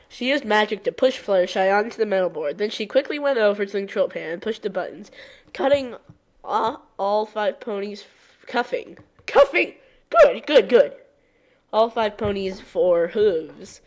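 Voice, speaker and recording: A woman reading a fan fiction aloud, breaking off often for exasperated, sarcastic asides. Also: medium pitch. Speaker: story reader.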